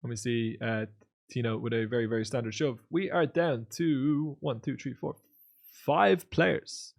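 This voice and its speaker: A male poker streamer giving casual live commentary on replays. He reads out viewers' comments and swings between low mutters and loud, excited outbursts. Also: unhurried, gravelly.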